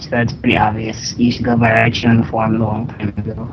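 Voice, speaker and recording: A young man with a very flat, even voice states his views plainly on a podcast. The sound is dull and lo-fi, with clear room noise behind it. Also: on the low side, fast. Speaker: podcast co-host. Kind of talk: casual chat.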